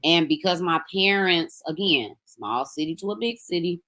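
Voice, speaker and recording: Southern woman guest on a podcast, kinda low voice, chatty and easygoing. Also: moderate pace. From Memphis, Tennessee. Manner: relaxed, conversational, animated when quoting others. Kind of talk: casual storytelling interview.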